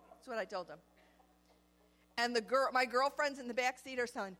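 Bright, animated woman preaching a story. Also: sits high, normal speed. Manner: animated, humorous storytelling with laughter. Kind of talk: storytelling sermon.

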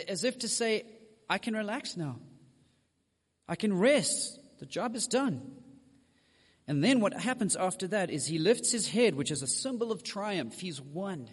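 Animated high-voiced male preacher. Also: in a large hall. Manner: direct, addresses the congregation with asides. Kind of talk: sermon.

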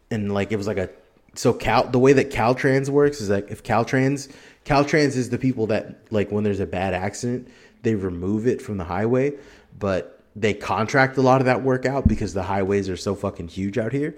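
A man telling a long story on a casual podcast, rambling and swearing freely, laughing as he goes. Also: lowish voice. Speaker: podcast guest.

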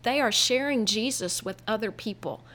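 A woman's voice: fairly high pitch, normal speed, a bit bright. Sincere woman guest. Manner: sincere, hesitant restarts. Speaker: missionary guest. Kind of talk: interview answer.

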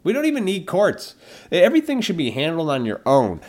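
His pitch fairly high and wildly swooping, a podcast host rants on his own at a brisk clip, his tone a little mellow. The rant is full of profanity, and he mockingly voices the imaginary people he argues with.

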